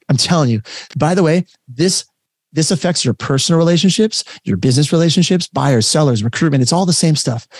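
A man coaching a workshop over a video call, talking in an energetic, conversational and emphatic way. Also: medium pitch, dry recording, clean studio sound. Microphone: webcam setup, facing camera.

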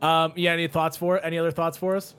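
A man's voice: fairly high pitch, level tone, fast talker, fairly bright tone, slight background noise. A man hosting a casual podcast, telling stories animatedly with lots of fillers. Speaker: podcast host and comedian. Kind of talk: casual chat.

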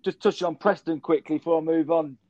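A man hosting casual football chat, matey and brisk, running through results. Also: on the high side, fairly even intonation, mellow, dry recording. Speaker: podcast host. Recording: dull dry lo-fi sound.

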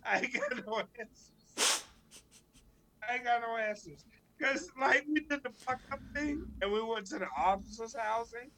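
A man, probably in his thirties, co-hosting a podcast, telling stories in casual, profane, animated chat. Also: very high-pitched, normal speed, a little hiss or hum, low-quality recording. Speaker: podcast co-host.

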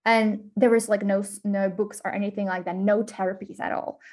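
A woman's voice: mid-range voice, flat delivery, fairly quick. A young woman from Slovakia with a Slovak accent and British touches. She chats casually as a podcast guest, laughing often and using many fillers. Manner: warm, giggly, with many fillers. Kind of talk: casual interview chat.

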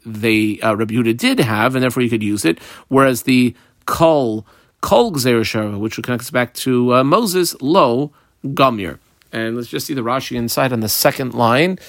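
A man's voice: mid-range voice, a bit bright, dry recording, studio quality. Man teaching a Talmud class. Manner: explanatory, mixing Hebrew and Aramaic terms into English, with frequent fillers.

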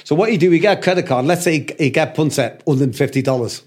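A man's voice: a little high, quick pace, darkish tone. An older man with a Liverpool accent telling a long, sweary story in casual chat, acting out quoted voices. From Liverpool, England. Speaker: podcast guest storyteller.

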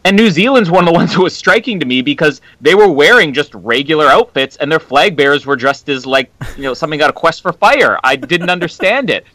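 Bright-voiced Canadian man, dry sound. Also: on the high side, expressive, fairly quick, few pauses, no echo, low-quality recording. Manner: incredulous, rambling. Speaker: podcast co-host. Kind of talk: casual podcast chat.

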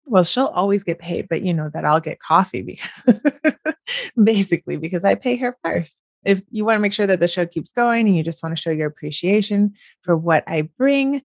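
A woman's voice: mid-range voice, lively intonation, moderate pace, creaky, dry recording, studio quality. A woman from the United States hosting a podcast, chatting casually and laughing often. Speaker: podcast host.

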